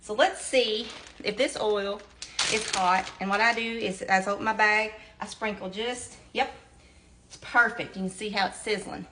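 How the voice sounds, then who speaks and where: Over the sound of sizzling oil and slight background noise, a middle-aged home cook from the American South chats casually during a kitchen demo. Her medium-pitched voice is pushed and bright, fairly even in intonation, at a moderate pace, and she addresses viewers as y'all in a down-to-earth manner.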